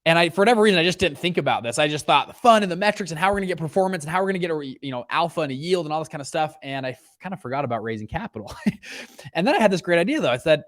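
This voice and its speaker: A young adult man, a podcast guest, telling stories in a casual chat and acting out quoted lines with big jumps in pitch. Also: lively intonation, rapid-fire, a bit bright, no echo, studio quality. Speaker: podcast guest, fund founder.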